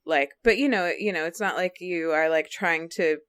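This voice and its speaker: A woman's voice: fairly low pitch, normal speed, a bit bright, smooth. A woman co-hosting a podcast in casual chat, rambling with many restarts and filler words. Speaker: podcast co-host.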